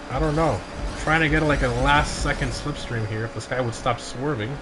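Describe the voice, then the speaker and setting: A man hosting a casual gaming livestream, reacting loudly to races and chatting with viewers; he sounds tired. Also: mid-range voice, moderate pace, noisy background. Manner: excitable, frequent exclamations during races. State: tired, yawning. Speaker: livestream host of game car meets.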